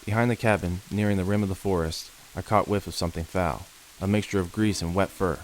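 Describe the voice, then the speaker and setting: A man reading first-person creature horror stories as scripted narration, in a slow, measured, ominous manner. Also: deep voice, fairly even intonation, slight background noise, rough recording. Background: faint rain.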